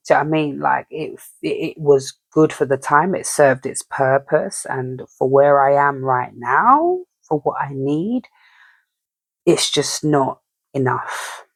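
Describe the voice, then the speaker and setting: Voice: mid-range voice, vocal fry, dry recording. A speaker giving a casual, rambling spiritual message, often checking in with the listener. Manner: rambling, chatty, keeps asking "you know what I mean". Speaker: spiritual reader.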